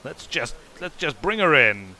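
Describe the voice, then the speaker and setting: A man's voice: fairly high pitch, very animated, measured pace, pushed and bright, slight background noise. A man giving casual, rambling gameplay commentary, playful and prone to trailing off. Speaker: game commentator.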